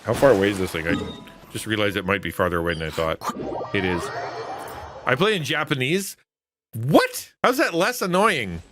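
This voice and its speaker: Over game music and some background noise, a man live-streams a video game with casual commentary, playfully chatting with his viewers and mocking himself as he plays. He is the stream's host, and his fairly low voice is animated, at normal speed with long pauses.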